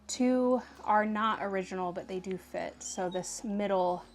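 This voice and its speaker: A woman antique dealer chatting casually to camera while she unboxes her finds, with frequent laughs and quick asides. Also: mid-range voice, slight background noise. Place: home, indoors.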